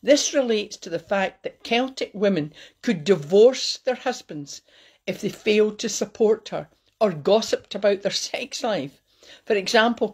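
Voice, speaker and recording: Woman host, slow and playful, cheeky asides, recites poetry. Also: medium pitch, a little mellow, breathy edge. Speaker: host giving a Burns Supper talk. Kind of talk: casual talk with poetry recitation.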